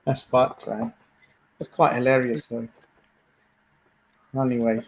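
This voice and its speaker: A man's voice: mid-range voice, steady tone, slow, rough recording. A man on a live panel chat, laid-back, laughing often and slipping into Punjabi. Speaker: panel participant.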